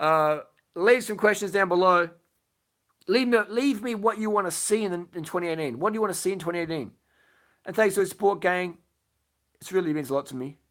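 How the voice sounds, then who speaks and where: A man's voice: fairly high pitch, a bit bright. A man answering viewers' questions on a casual late-night live stream from his bed, speaking bluntly, swearing freely and repeating his points. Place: lying in bed at home.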